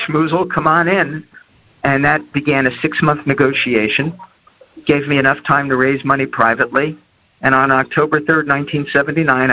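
An older New Jersey man tells an anecdote from his career, performing every person's lines in lively voices. His medium-pitched voice comes through dull, lo-fi audio with no echo.

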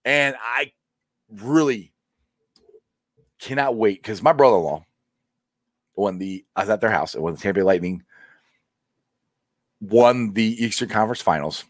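Male sports stream host, animated delivery, dry close mic, rambling and excitable. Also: on the low side, no room sound. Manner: excitable, rambling, laughs often. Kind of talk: casual live-stream chat.

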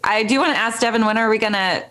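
A woman's voice: fairly high pitch, fast talker, sharp tone. A woman co-hosting a podcast, chatting playfully with her guests. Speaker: podcast co-host. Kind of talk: casual chat.

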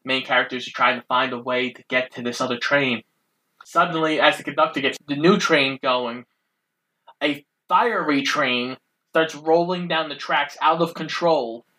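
A podcast co-host narrating a film's plot in a steady, matter-of-fact way. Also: mid-range voice, normal speed, rough recording.

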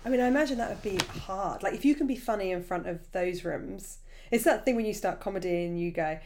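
A woman stand-up comedian in a relaxed conversation. She talks in a chatty way and often restarts her sentences. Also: mid-range voice, fast, slight background noise. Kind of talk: casual chat.

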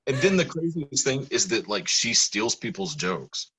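A podcast host in a casual chat, talking in an animated way with lots of fillers. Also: mid-range voice, a little slow, low-quality recording. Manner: animated, agreeable, filler-heavy.

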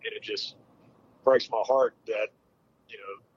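A man in his forties, a military veteran, telling a hard personal story with candid, halting speech and many fillers. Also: mid-range voice, wildly swooping pitch, lo-fi sound, slight background noise. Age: 40s.

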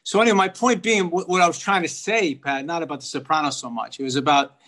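A man's voice: fairly high pitch, quick pace, a bit bright. A man from the Bronx, a guest on a podcast, talking bluntly and with strong opinions. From the Bronx, New York. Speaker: guest, actor and filmmaker. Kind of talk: casual podcast chat.

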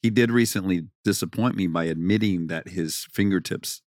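A man's voice: low-pitched, moderate pace, no echo, studio quality. A man hosting a podcast in casual chat, telling stories with animation. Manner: animated, storytelling. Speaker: podcast host.

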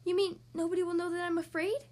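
A small boy turtle from a storybook speaks in a high, shaky, childlike voice, as a woman acts him out. He sounds timid and unsure of himself. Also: level tone, fast talker, darkish tone.

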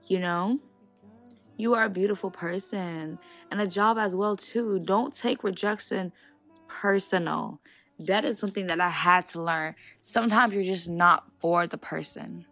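A young woman hosts a casual solo podcast, speaking her mind in an animated, outspoken way. Her voice sits on the low side and has a gravelly, fried texture. Faint music plays behind her. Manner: animated, outspoken, laughs between points. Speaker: podcast host.

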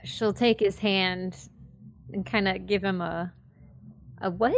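A woman's voice: medium pitch, steady tone, unhurried, vocal fry. A woman playing a tabletop game, casually describing what her character does. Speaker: player.

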